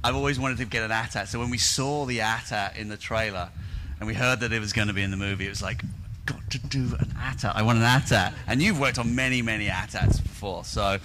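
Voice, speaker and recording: A man's voice: on the low side, steady tone, fast, pushed and bright, slight background noise. A man presenting at a convention panel, bantering and teasing his colleague.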